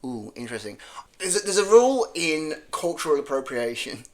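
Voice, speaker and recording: A guest comedian with a strong Birmingham (Brummie) accent rambles and jokes through a casual podcast chat, often correcting himself mid-sentence. His voice is fairly high and sing-song, and he talks fairly quickly.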